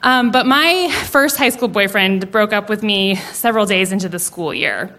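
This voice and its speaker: A young woman telling a personal story at a live story slam, animated and laughing as she acts out the voices of the people in it. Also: medium pitch, normal speed. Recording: live event with audience and some noise. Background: audience.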